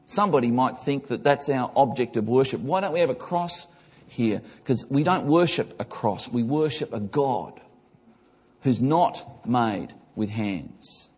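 A man's voice: medium pitch, darkish tone, breathy edge. A man preaching a sermon as pastor, with emphatic rises and drops, reading scripture and commenting on it in a church. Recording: long reverb of a large hall.

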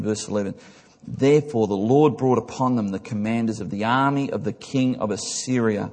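A man's voice: mid-range voice, normal speed, a little mellow. A man preaching a sermon as pastor, with emphatic rises and drops, reading scripture and commenting on it in a church. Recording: long reverb of a large hall.

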